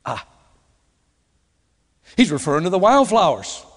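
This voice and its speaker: A male preacher with a slightly high voice delivers a slow, deliberate sermon in a church sanctuary. He swings between ringing emphasis and hushed passages. His voice carries a long hall reverb. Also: big pitch swings. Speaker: guest preacher.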